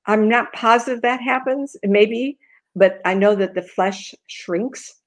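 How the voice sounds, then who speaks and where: An older woman in a casual chat, once a cemetery tour guide, explaining things plainly with lively interjections. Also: medium pitch, slow pace.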